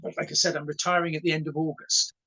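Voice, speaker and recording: A man in his sixties, a karate instructor telling stories in an interview, animated and stumbling over repeated words as he acts out conversations. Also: fairly high pitch, fast talker, gravelly, low-quality recording. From Wales. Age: 60s. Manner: animated storyteller who stutters on repeated words and acts out dialogue. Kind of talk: casual storytelling interview.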